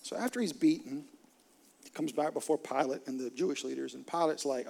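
Male pastor, sermon delivery, dramatic storyteller, slightly high voice. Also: brisk, creaky. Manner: dramatic storytelling, drops to near whispers and rises to loud outbursts.

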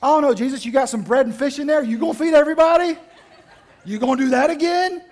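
A man doing a shrill, fed-up overworked woman. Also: fast talker. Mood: sarcastic. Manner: whiny, loud complaining. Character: exasperated overworked woman, nagging and indignant.

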